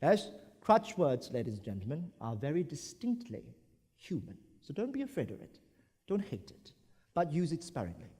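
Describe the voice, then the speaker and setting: A man from Brunei giving an animated conference talk, acting out examples as he goes. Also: a little high, normal speed, slightly rough. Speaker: conference speaker. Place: large conference hall. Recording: echoey conference hall.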